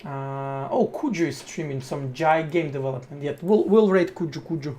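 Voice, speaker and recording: A man live-streams while programming, chatting casually with viewers and thinking aloud in short bursts full of slang and swearing. His voice is on the high side and mellow, at a normal speed, with slight background noise.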